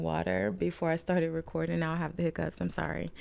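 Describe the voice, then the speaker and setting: A woman's voice: on the low side, level tone, fast talker, gravelly, a little mellow. A woman tarot reader, chatty and rambling with frequent laughs, giving a casual reading at home. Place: home room with balcony door shut.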